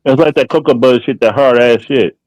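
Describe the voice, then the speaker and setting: A man's voice: mid-range voice, a little fast, darkish tone, dry recording, poor audio. A man in casual, profane podcast banter, teasing his friends.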